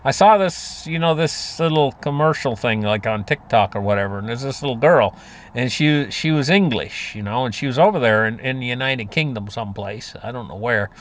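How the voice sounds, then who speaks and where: A man's voice: mid-range voice, lively intonation, normal speed. A man giving a rambling, folksy monologue about money and markets, full of fillers and restarts. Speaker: market commentator. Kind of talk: casual monologue on finance.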